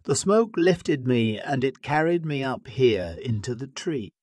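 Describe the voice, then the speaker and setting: A man's voice: mid-range voice, expressive, unhurried, a little mellow, dry recording, clean studio sound, pitched above the performer's own voice. A man reading a graded-reader story, voicing a small, clever female monkey in a teasing, singsong voice. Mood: mocking.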